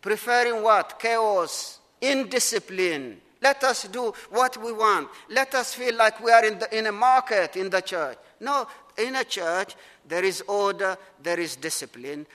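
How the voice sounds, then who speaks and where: Middle-aged male pastor, high, bright preaching voice, earnest and emphatic, in a reverberant church. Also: expressive. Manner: earnest, emphatic preaching with slowed stresses and repeated phrases. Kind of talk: sermon. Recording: long reverb of a large hall.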